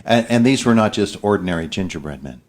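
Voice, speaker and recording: Low-voiced guy hosting morning radio, chatty and upbeat, folksy little asides, studio mic. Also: animated, quick pace. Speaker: radio morning show host. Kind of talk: casual radio interview. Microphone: studio microphone.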